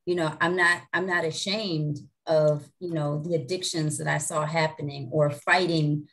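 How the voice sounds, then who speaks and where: Candid low-voiced woman reflecting. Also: moderate pace. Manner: candid, steady, with many fillers. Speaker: panelist. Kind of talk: personal reflection.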